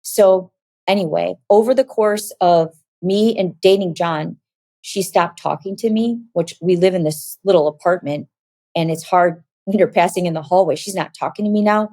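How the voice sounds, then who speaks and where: A woman giving a personal testimony as an interview guest, telling her story in a lively way and acting out what people said. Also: lowish voice, moderate pace, no echo. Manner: animated, acts out dialogue in quoted voices.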